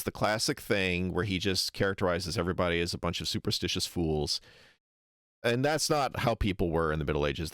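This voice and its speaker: Male stream host, low and dry-sounding, wry and halting, lots of ums. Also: no room sound. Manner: hesitant, many ums, wry and skeptical. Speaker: history channel host reacting to a lecture. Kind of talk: casual livestream commentary.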